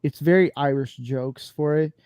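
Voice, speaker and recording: A man's voice: on the high side, normal speed, a little mellow, clear, resonant tone, dry recording. A man hosting a casual panel talk show, rambling and laughing as he restarts his sentences. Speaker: podcast host.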